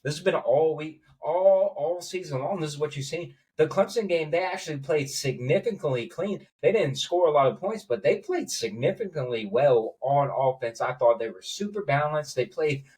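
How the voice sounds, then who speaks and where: A man giving a heated, profane sports rant as a commentator, getting angry and loud at times. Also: fairly high pitch, animated, normal speed, hardly any pauses, recorded from a distance, rough recording. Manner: angry, swearing, rising to loud outbursts.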